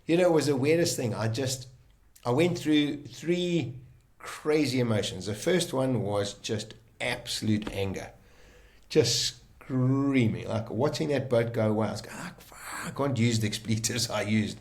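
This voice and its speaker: A middle-aged man from South Africa, recounting a personal ordeal in a vivid, animated conversational way with frequent restarts. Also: mid-range voice, measured pace. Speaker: guest telling his story. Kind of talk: conversational storytelling.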